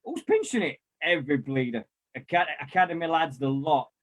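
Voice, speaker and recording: A man, chatting casually and telling lively anecdotes with mild swearing and quoted voices. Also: a little high, a little fast. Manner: animated storyteller, mild swearing, acts out quotes. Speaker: former club volunteer and kit man.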